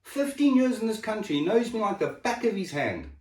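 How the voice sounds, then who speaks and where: A man speaking in a raw, emotional way, swearing freely as he tells his story. His voice sits a touch high and swings widely in pitch. He sounds distant from the mic, in a room with plenty of echo. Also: big pitch swings, a little fast, a little mellow. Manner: raw, emotional and swearing, with sudden drops in level. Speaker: person sharing his health story. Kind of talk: emotional personal chat. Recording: echoey room, voice set back from the mic.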